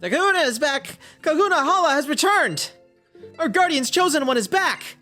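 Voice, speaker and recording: A man voicing an excitable, cheery male professor, with loud, bouncy announcing. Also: very high voice, normal speed, faint music behind, pitched above the performer's own voice, heavily acted. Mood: excited.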